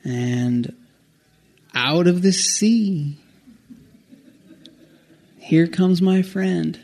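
A man telling a personal travel story in a rambling, self-correcting, animated way. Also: sits high, very slow.

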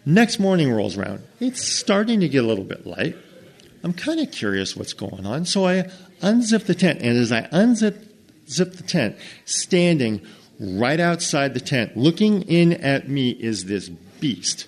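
A man's voice: medium pitch, measured pace, gravelly. An American man telling a comic camping story to an audience, acting out the characters and sounds as he goes. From United States. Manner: animated, acts out every character and sound.

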